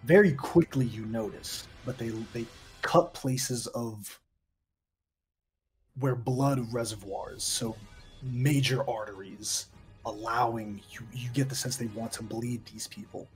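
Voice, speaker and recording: A man narrating a tabletop game as game master in a descriptive, measured storytelling manner. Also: mid-range voice, animated, creaky, soft background music.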